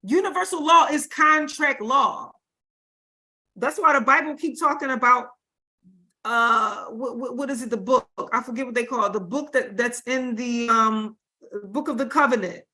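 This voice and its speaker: A high, bright woman's voice giving a spiritual talk on a livestream. She speaks in loose, casual vernacular and leans on repetition to drive her points home. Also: moderate pace. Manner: informal, emphatic, repeats for stress. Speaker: spiritual teacher.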